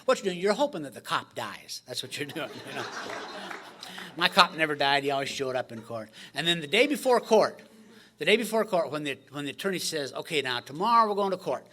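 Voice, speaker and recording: Guy telling his story at a meeting, kinda high bright voice, jokey, does all the voices himself. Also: a little fast, slight background noise. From United States. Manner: animated, joking storyteller acting out dialogue. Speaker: recovery meeting speaker. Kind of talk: storytelling talk to a recovery meeting.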